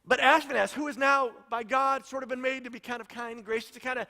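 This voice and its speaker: A man with a high, bright voice preaches a sermon, telling the story and circling back to repeat his main points. His words ring out with a long reverb through a church hall. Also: fairly even intonation, fast talker, gravelly. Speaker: pastor.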